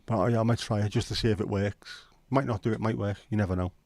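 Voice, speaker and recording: Speaking quickly with vocal fry, this Scouse livestream host from Liverpool has a fairly low, steady, darkish voice. He rambles, swears and banters with his viewers, and the recording is dry.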